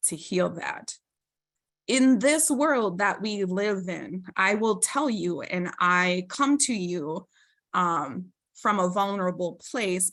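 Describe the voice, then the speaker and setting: A woman's voice: fairly low pitch, creaky, a bit bright. A woman presenting a webinar, telling a personal story in an earnest, reflective way, with many fillers and tag questions. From Minnesota. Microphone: video call microphone.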